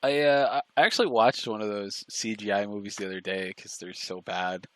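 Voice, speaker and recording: Bright-voiced man rambling on a stream. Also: lowish voice, steady tone, dry recording. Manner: rambling, halting with restarts and fillers. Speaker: stream co-host. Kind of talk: casual chat.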